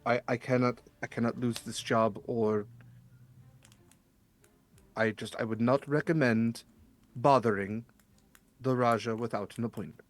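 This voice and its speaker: A man's voice: mid-range voice, steady tone, natural voice. A man voicing a nervous male bartender in a tabletop game who apologizes and stumbles over his words. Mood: anxious. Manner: anxious, halting apologies.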